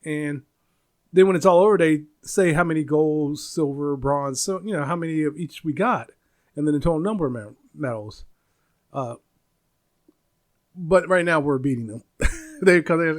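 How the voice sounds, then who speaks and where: A man's voice: fairly high pitch, animated, normal speed, long pauses. A man in his forties from the United States, hosting a casual solo podcast, rambling, laughing often and searching for words. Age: 40s. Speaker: podcast host.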